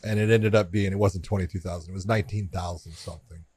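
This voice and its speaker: A man's voice: deep voice, fairly even intonation, quick pace, a little mellow, slightly rough, no room sound. A middle-aged man, a referee and podcast co-host, telling a rambling anecdote and acting out both sides of the conversations. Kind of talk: casual storytelling on a podcast.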